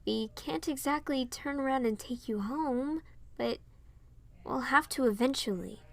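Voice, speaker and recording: A woman voicing a kind young princess who speaks softly and soothingly, reading fan fiction aloud. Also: high voice, measured pace, gravelly, dry recording, pitched above the performer's own voice. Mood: gentle. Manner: soft and soothing.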